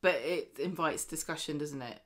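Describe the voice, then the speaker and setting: A woman co-host talks through the week's soap episodes in a loose, chatty way. Her voice sits a little low, and she slips into characters' lines with sudden emphasis. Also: moderate pace. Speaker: podcast co-host. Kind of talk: casual chat reviewing a soap.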